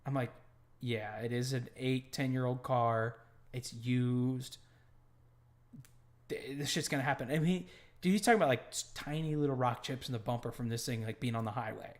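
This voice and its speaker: A man's voice: mid-range voice, moderate pace. A man hosting a podcast, telling stories in casual chat and swearing freely as he gets worked up. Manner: profane, animated storyteller. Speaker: podcast host.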